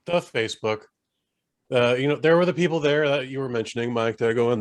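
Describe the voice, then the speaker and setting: Male podcast co-host, mid pitch, blunt emphatic ranting style. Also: brisk, pauses often. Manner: blunt, swearing, emphatic rants. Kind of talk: casual chat.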